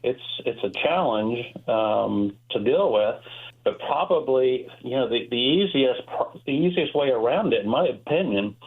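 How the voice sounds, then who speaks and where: A man's voice: mid-range voice, expressive, moderate pace, slightly rough. A man calling into a radio show, explaining in an easygoing way with small restarts. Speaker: caller, restoration company owner. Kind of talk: casual radio chat. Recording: tinny phone line.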